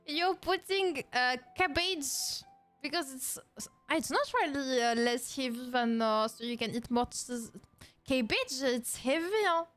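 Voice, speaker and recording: French woman streamer, young, high-pitched, playful and mock-outraged, quick to laugh, faint music underneath. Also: expressive, fairly bright tone. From France. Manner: playful, mock-indignant, laughs often, broken English phrasing. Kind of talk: casual react-stream chat.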